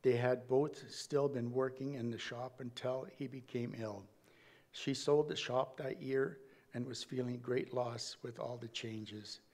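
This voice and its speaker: A man delivering a eulogy in a church, reading carefully from prepared notes. His voice sits in an ordinary middle pitch, and he stumbles and restarts now and then. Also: steady tone, a little mellow. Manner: measured, reading aloud with small slips and restarts. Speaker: family member giving a eulogy.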